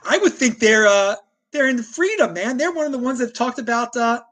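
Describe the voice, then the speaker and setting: Male host, combative livestream ranter, very lively pitch, frequent stammered restarts. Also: moderate pace. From United States. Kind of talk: ranting livestream commentary, reading viewer chat.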